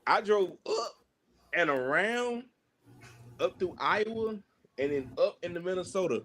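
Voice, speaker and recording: A man's voice: sits high, unhurried, slight background noise. A man, a wrestler and podcast guest, telling stories in a loose, slangy way and mimicking the people in them. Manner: animated, imitates people in his stories; loose, slangy, many fillers. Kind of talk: casual storytelling.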